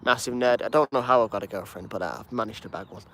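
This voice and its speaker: A man's voice: mid-range voice, fast talker, pushed and bright. A man from England with a Birmingham accent, hosting a plane-spotting livestream and chatting casually with his viewers. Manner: chatty and easygoing, reading and answering chat.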